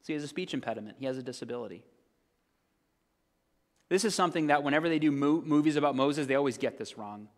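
A man preaching a sermon as pastor, swinging between loud, emphatic points and quiet, low asides. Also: animated, fast, long pauses, big-room sound. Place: church sanctuary.

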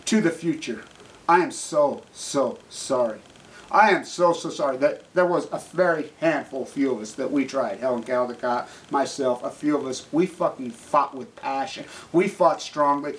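A middle-aged man ranting angrily to camera, swearing constantly and swinging from low mutters to shouts. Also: moderate pace, few pauses, a little hiss or hum, low-quality recording. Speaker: activist vlogger. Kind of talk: angry profane rant to camera.

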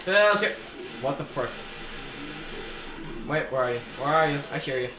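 A young man giving let's play commentary, joking and yelling at his teammates while he plays. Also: fairly high pitch, a little slow, long pauses, roomy sound, background noise. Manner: excitable, yells at teammates, joking. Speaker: gaming commentator.

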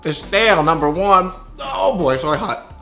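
A man's voice: on the high side, expressive, normal speed, pushed and bright, faint music behind. A young man hosting a casual vlog, talking to camera in a joking, rambling, offhand way. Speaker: YouTuber host.

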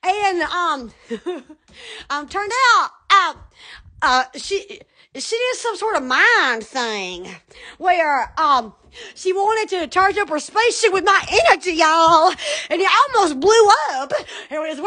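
A woman's voice: very high voice, expressive, slow, pushed and bright. A woman chatting casually on a live stream from her phone, giggling, squealing and rambling. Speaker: shop owner streaming live.

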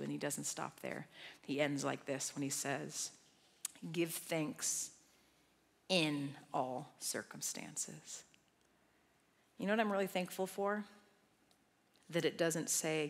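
Low-voiced woman preaching in a hall. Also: vocal fry. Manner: conversational preaching with sudden emphatic swells. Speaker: guest speaker. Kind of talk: sermon. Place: large church auditorium. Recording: long hall reverb.

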